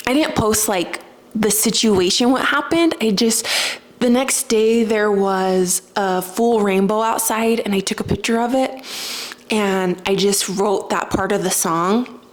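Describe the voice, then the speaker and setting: A young woman speaks in a loose, chatty vlog voice, full of "like" and little asides. Her pitch sits in an ordinary middle range. She comes across as open and emotional as she tells her story. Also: a little slow. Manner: chatty, emotional, says "like" often. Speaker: spiritual vlogger. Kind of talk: casual storytelling to camera.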